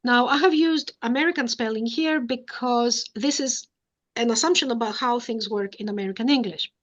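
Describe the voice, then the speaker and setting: A woman giving an academic lecture, explaining step by step, often pausing on "uh" and checking with "okay?". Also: fairly high pitch, muffled recording.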